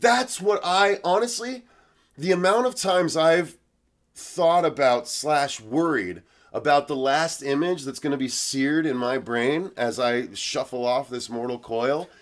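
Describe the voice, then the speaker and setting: A man's voice: a little high, measured pace. A man co-hosting a movie review show in loose, casual chat, rambling with lots of fillers and swearing.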